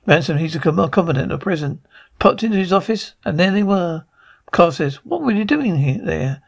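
A man reading the lines of a brisk army officer, restarting words as he goes. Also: high-pitched, animated, creaky, exaggerated voice. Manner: brisk, restarting mid-word.

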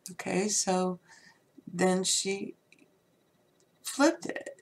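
A woman talks slowly and loosely, teaching spiritual ideas on her podcast. Her voice sits a little low and carries a gravelly fry. She rambles with constant "you know"s and sometimes sinks into a soft near-whisper. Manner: rambling, conversational, frequent "you know" fillers. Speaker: podcast host. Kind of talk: casual spiritual teaching talk.

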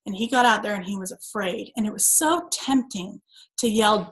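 A woman's voice: medium pitch, normal speed. A woman in her thirties giving an earnest, preachy motivational talk to her sales team, full of emphatic rhetorical questions. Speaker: team call speaker.

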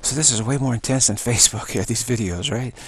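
A man leading a spoken meditation practice, repeating the same word again and again between short phrases in an unhurried, musing way. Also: medium pitch, husky. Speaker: meditation teacher.

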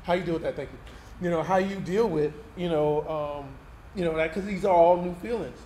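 A man's voice: on the high side, normal speed, warm tone. A man preaching a personal testimony sermon in a candid, conversational way, often checking in with the congregation. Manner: candid, conversational, tag questions like "right?". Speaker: pastor. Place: event hall used for Sunday service. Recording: roomy hall sound with faint noise.

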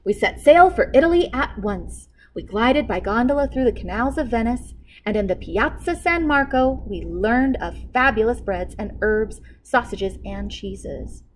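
A woman librarian reading a picture book aloud to children with expressive storytelling. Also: on the high side, measured pace, slight background noise, rough recording.

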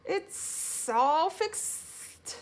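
Lady doing a laid-back gopher workman, super slow drawl, storybook voice. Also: very high voice, animated, voice pushed up, exaggerated voice. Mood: easygoing. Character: slow easygoing gopher handyman. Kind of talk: storybook read-aloud.

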